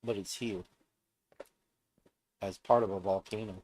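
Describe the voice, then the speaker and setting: A man's voice: on the low side, fairly even intonation, measured pace, darkish tone. A man streaming a game alone, narrating casually in a subdued, downbeat mutter to himself. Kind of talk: casual gameplay commentary.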